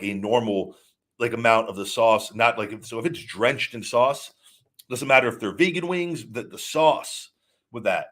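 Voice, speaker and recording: A man with a mid-range, slightly bright voice hosts a livestream as a podcast host, answering viewer chat questions. He talks casually and rambles, often repeating words and restarting.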